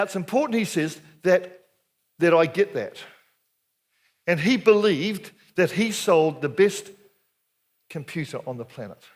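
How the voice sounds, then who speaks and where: An older Anglican preacher with a New Zealand accent, telling stories to a hall of men. His voice sits high and swings widely up and down. He keeps it chatty and playful, often throwing questions out to the crowd. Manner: lively, jokey, chatty, asks the crowd questions. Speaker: Anglican minister, speaker. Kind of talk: storytelling sermon to a men's gathering.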